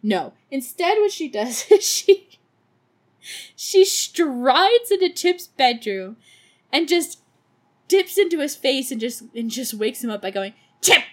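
Young woman podcast host, snarky and profane movie recap, slightly high voice. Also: very animated, takes it slowly. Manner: sarcastic, profane, laughing asides.

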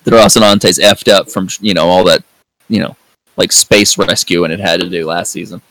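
A man's voice: deep voice, steady tone, normal speed, fairly bright tone, no room sound, poor audio. A man hosting a podcast in casual review chat, rambling with lots of fillers and free swearing. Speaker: podcast host.

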